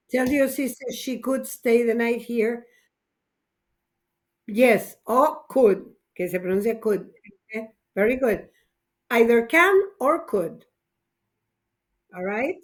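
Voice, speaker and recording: A woman teacher runs an English grammar lesson. Her voice sits a little high and she takes her time, spelling out each rule patiently. She keeps cheering the class on, dropping into to gloss words. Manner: encouraging, explains grammar slowly and switches to Spanish for glosses.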